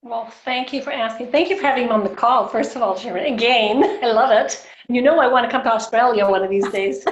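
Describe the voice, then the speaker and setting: A woman in her sixties from Canada, a guest telling her story on a video call, animated, laughing often and acting out dialogue. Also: a little high, fairly quick, few pauses. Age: 60s. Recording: roomy, muffled video call audio.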